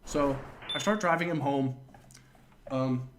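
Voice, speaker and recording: A man's voice: medium pitch, slow, slight background noise. A man streaming live and telling a rambling, profane anecdote, stopping to thank viewers. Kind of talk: casual storytelling on a livestream.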